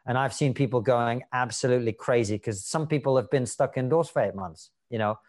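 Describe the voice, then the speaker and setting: A man with a measured, matter-of-fact way of talking, chatting casually with a panel on a video call. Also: medium pitch, darkish tone. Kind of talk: casual group chat.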